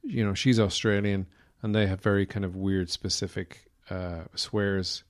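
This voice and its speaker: Low-voiced and a touch slow, the Irish host keeps his tone steady. He wanders through a dry, comic podcast monologue heavy with fillers.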